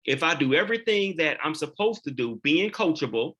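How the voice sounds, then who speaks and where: A man's voice: a little high, lively intonation, brisk, bright, forceful tone, lo-fi sound. A man sharing his sales closing lines in a training session, emphatic and repeating his key questions. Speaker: insurance agent presenting sales training.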